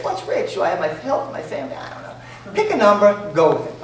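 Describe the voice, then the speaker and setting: This high-voiced man with a New York accent talks quickly with few pauses, an entrepreneur spinning jokey stories for an audience and acting out each line of dialogue with animated energy. The sound comes from a distance in an echoey room, with a little faint noise.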